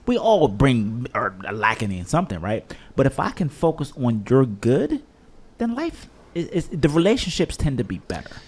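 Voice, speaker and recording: A man's voice: mid-range voice, huge pitch swings, moderate pace, darkish tone, slightly rough. A man who works as a life coach, speaking as a podcast guest in an affirming way and often checking in with "right?". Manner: affirming, keeps saying "right?" and "mm-hmm". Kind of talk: casual interview chat.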